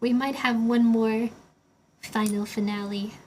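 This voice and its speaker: A young woman streamer chats casually on a livestream in a high, level voice with a darkish tone, speaking a little slowly. She rambles with loose filler words, building Lego between answers to chat, and there is a little hiss or hum in the recording.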